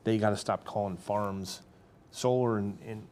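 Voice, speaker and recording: A man, a farmer speaking as a guest on a local talk show, earnest and halting, often restarting his sentences. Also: lowish voice, steady tone, a little mellow, a little hiss or hum. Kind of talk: casual interview talk.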